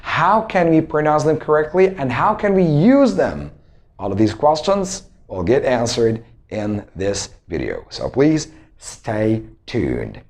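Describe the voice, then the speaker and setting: A young man with an Arabic accent teaching English pronunciation, drilling words slowly and asking his viewers rhetorical questions. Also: mid-range voice, big pitch swings, a little mellow. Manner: emphatic, drawn-out word drills and rhetorical questions. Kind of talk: spoken English lesson.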